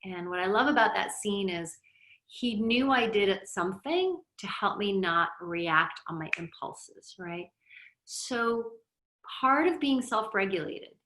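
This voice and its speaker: A middle-aged woman, a yoga teacher and therapist from Lebanon, giving a reflective teaching talk with personal stories in a conversational, gently guiding way. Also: medium pitch, roomy sound, low-quality recording.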